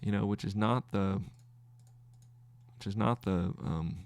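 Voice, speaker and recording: On his trading podcast, a man comments live on his trades, thinking aloud and halting and restarting as he counts wins and losses. His voice is lowish and a little mellow.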